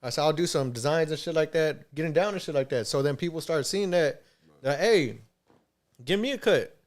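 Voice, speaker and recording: A man telling a story on a podcast in a relaxed, slang-heavy way, swearing a lot and laughing often. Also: on the high side, brisk. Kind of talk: casual storytelling.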